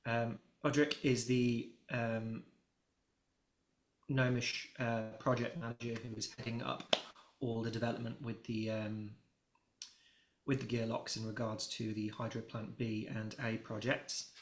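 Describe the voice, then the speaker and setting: A man's voice: mid-range voice, level tone, unhurried. A man narrating as game master of a tabletop game, rambling, with many fillers and restarts. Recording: roomy echo.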